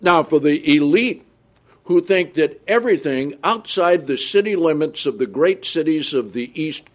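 A man delivers a Bible study sermon at an unhurried, measured pace. He reads scripture aloud slowly and comments between the verses, often checking in with his listeners. His voice sits a little high for a man. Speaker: preacher.

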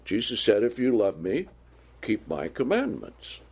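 Slow, lively-voiced man preaching. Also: lowish voice, breathy edge. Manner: asks the listeners questions and answers them; reads scripture aloud with slow emphasis. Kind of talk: Bible teaching sermon.

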